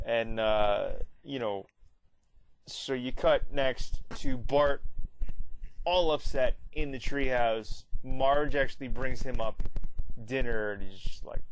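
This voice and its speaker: A man's voice: mid-range voice, steady tone, slow, slight background noise, poor audio. Man rambling through an episode recap. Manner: rambling, many fillers and self-corrections. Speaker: TV episode reviewer.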